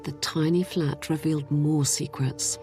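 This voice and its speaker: Documentary voice-over, flat, scripted. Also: medium pitch, a little slow, over music. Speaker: narrator.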